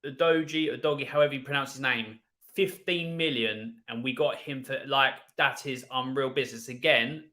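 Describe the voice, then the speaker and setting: A man with a bright, forward voice talks through his club's signings on a casual football stream. He is frank and opinionated, stumbling over repeated words as he builds each point. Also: mid-range voice, normal speed. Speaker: panel guest, Spurs fan.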